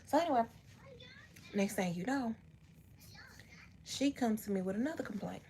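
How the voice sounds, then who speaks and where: A woman's voice: on the high side, animated, moderate pace, mellow, slight background noise. A woman in her bedroom telling a personal story to her live chat, ranting and cursing freely as she talks straight to viewers. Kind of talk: casual storytime livestream.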